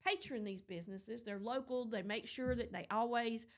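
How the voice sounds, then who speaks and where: Woman morning-show host, chatty and loose, slightly high voice. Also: moderate pace. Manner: chatty storyteller, rambling with fillers. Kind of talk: casual on-air chat.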